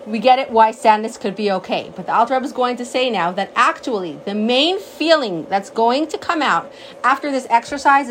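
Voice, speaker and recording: A woman teaching a class on a sacred text, explaining terms and telling stories with lively acted-out quotes. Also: a little high, slight background noise, low-quality recording. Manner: animated storyteller, acts out quotes. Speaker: Torah teacher.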